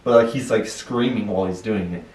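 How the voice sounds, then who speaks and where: Young male podcast co-host, animated storyteller, roomy room, mic a bit far. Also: lowish voice, brisk. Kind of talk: casual chat.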